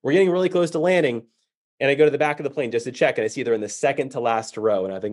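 A man giving a motivational talk, telling a story with lively energy and acting out the voices of people in it. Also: medium pitch, racing. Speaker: keynote speaker.

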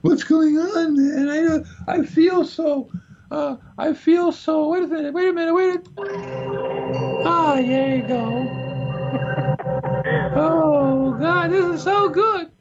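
A man's voice: very high voice, slow, pauses often, dull audio, over loud music, voice pushed up, heavily acted. A man voicing a giggly stoned man, drawling dreamily and trailing off. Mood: dazed. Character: dazed, giggly stoned man, slow and mellow.

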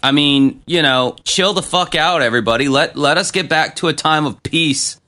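A man co-hosting a casual chat, talking in a profane, animated rant. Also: a little high. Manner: profane, ranting, fast and animated. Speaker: podcast co-host.

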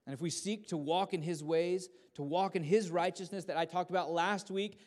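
A man in his thirties preaching a sermon at a church service, swinging between loud fervent passages and soft hushed ones. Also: high voice, fairly even intonation, a little fast, few pauses. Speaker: pastor.

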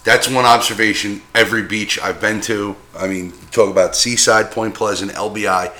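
Low, blunt wisecracking New man. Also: fairly even intonation, normal speed, sharp tone. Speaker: podcast co-host. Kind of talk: casual chat.

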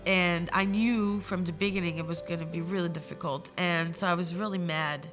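A woman in her thirties with a somewhat low voice tells her story haltingly, close to tears at times. Soft music plays clearly underneath her. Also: steady tone. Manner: emotional, halting, tearful. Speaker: church member sharing testimony. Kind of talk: personal testimony.

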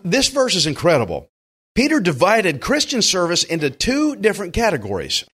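Southern preacher guy, folksy, gets animated, acts out what folks say. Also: high voice, moderate pace, slightly rough. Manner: folksy and animated, acting out quoted voices. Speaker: pastor. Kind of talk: sermon.

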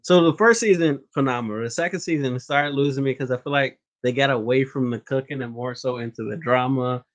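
A man co-hosting a podcast in a relaxed casual chat, laughing often. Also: medium pitch, fairly quick, hardly any pauses.

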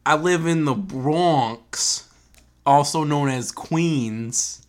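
A man putting on a brash, old-fashioned New York character, speaking slowly and drawing out his words. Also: a little high. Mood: boastful. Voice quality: slow, drawn-out delivery.

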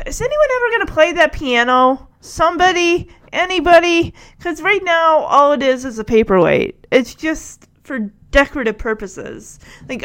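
A woman gives casual reaction commentary on a show she has been watching. Her voice sits high and moves a great deal, with animated swoops. She talks freely and laughs as she retells scenes. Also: moderate pace. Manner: chatty, animated, laughs often. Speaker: show recapper.

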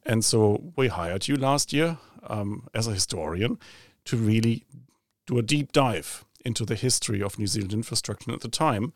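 A man's voice: fairly low pitch, expressive, normal speed, no room sound, studio quality. A man with a German accent hosting a podcast interview, asking probing, wry questions. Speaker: podcast host, think tank head. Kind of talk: conversational interview.

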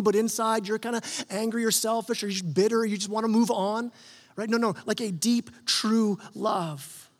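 A man's voice: high voice, long reverb tail. A male pastor preaching a sermon in an earnest, conversational way, often restarting his words. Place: church sanctuary.

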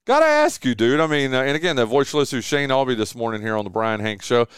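A man's voice: mid-range voice, steady tone, fast, fairly bright tone, clear, resonant tone, no echo, clean studio sound. A man hosting a morning radio show in loose, friendly chat. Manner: loose, friendly, calls people dude.

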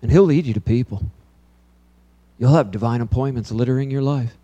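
Animated storytelling pastor in his fifties. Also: medium pitch, a little fast, dull audio. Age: 50s. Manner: animated storytelling that turns quiet and earnest. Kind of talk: sermon with storytelling. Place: church before a congregation.

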